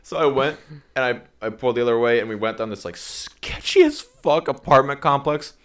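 A man's voice: medium pitch, normal speed. A young man casually telling a rambling story, swearing a lot and acting out quotes. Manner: rambling, animated retelling with acted-out quotes; swearing, slangy. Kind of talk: casual chat.

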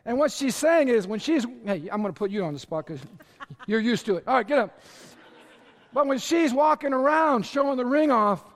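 A man preaching a lively, storytelling sermon and talking straight to his congregation in a large church. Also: very high voice, moderate pace. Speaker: pastor. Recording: long reverb of a large hall.

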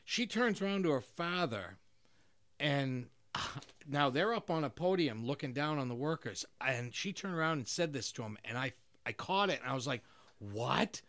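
A man's voice: medium pitch, animated, moderate pace, fairly bright tone. A man co-hosting a podcast, telling a rambling story in casual, profane banter and laughing at his own jokes. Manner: rambling, restarts, swears freely, laughs at own stories. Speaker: podcast co-host.

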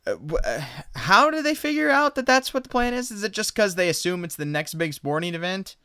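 A man's voice: sits high, sing-song, fairly quick, bright, forceful tone, smooth, no echo, clean studio sound. A man co-hosting a podcast in casual chat, recapping plot in rambling, self-correcting bursts. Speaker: podcast co-host.

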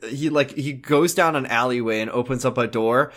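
A man's voice: mid-range voice, normal speed, a bit bright. A man co-hosting a podcast, rambling and joking through a casual episode recap. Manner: rambling, joking, with many fillers. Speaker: podcast co-host.

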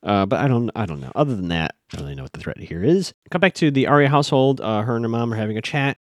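A man's voice: medium pitch, animated, rapid-fire, no echo, clean studio sound. A man hosting a podcast, casually recapping a TV episode, thinking aloud with plenty of fillers and restarts.

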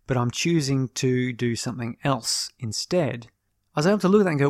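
A man hosting his own podcast, talking through ideas in a casual, reflective monologue and often pausing to correct himself. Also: mid-range voice, dry recording, studio quality. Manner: thoughtful, explanatory, restarts and self-corrections.

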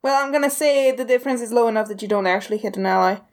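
A woman's voice: fairly high pitch, very fast. Woman game master, hesitant narration. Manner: hesitant, many fillers and restarts while narrating. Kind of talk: running a tabletop game.

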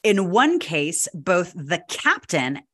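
A woman's voice: lowish voice, takes it slowly. A woman co-hosting a podcast, telling a ghost story in casual chat with lots of "like" and acted-out quotes. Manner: animated, lots of "like", acts out quotes. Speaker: podcast co-host.

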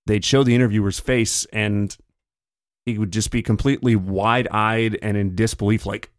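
A man on a podcast covers political commentary casually, paraphrasing others through quick put-on quotes as he talks. His voice is on the low side and steady in tone, captured in a clean studio with no echo.

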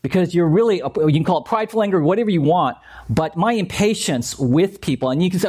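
A man preaching a sermon as a pastor, animated and conversational, acting out the voices he quotes. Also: fairly high pitch, fairly quick, breathy edge. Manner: animated, acts out quoted voices, repeats points.

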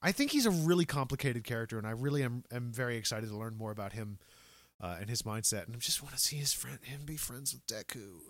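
A man's voice: mid-range voice, expressive, fast, dry recording. A man co-hosting a podcast, recapping episodes in an enthusiastic, chatty way with frequent fillers. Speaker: podcast co-host. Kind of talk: casual recap chat.

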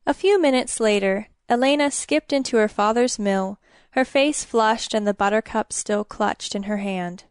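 Smooth-voiced woman narrating a story. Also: fairly high pitch, normal speed, dry recording, studio quality.

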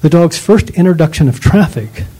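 A man's voice: fairly high pitch, expressive, moderate pace, dark tone, husky, low-quality recording. A man lecturing on dog training in an emphatic, ranting way, full of rhetorical questions.

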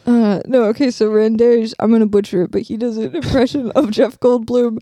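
A woman's voice: on the high side, steady tone, brisk, warm tone, no echo. A woman cohosting a comedy podcast in loose, jokey chat, laughing easily and swearing casually. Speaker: podcast co-host.

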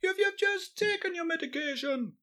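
A woman voicing a weary, sharp-tongued old wife, exasperated and sarcastic. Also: extremely high pitch, lively intonation, moderate pace, voice pushed up, heavily acted.

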